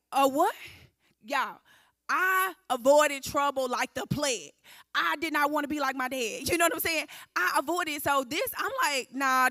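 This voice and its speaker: A woman, giving an animated personal testimony at a church recovery service and acting out the voices in her story. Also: high voice, dry recording, studio quality. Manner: animated storytelling, acting out quotes, addressing the room as y'all.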